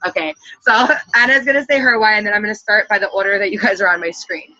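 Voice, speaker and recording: A woman in her thirties leads a team call over computer audio, gushing and rambling with plenty of "like." Her mid-range voice is bright and forceful, and she talks fast. The recording is muffled but has no echo.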